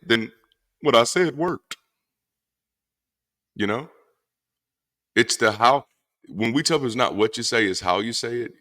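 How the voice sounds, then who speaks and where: A former pastor in a casual monologue, speaking bluntly and profanely with animated emphasis. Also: male voice, on the low side. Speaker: former pastor turned atheist commentator.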